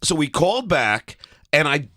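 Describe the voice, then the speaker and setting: A man's voice: on the high side, sing-song, moderate pace, sharp tone, no echo. A man with a stutter, telling stories as a studio interview guest and laughing often. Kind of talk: storytelling interview chat.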